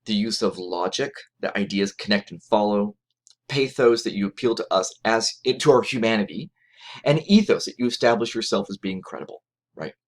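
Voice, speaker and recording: Male lecturer, lowish voice, conversational classroom delivery with frequent restarts. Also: normal speed. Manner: conversational, frequent "right?" tag questions and restarts; animated pitch jumps when quoting others. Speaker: college lecturer. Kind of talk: recorded lecture.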